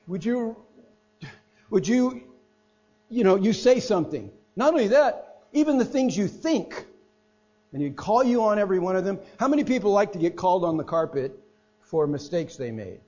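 A middle-aged man preaching a sermon, swinging between loud emphatic stresses and quiet, hushed phrases. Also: high voice, sing-song, normal speed, pauses often. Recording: dull lo-fi sound with mains hum.

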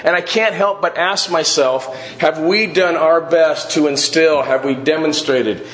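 A man's voice: a little high, unhurried, fairly bright tone. A middle-aged man leading a church Bible class, earnest and often checking in with the group with "all right?". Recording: echoey room.

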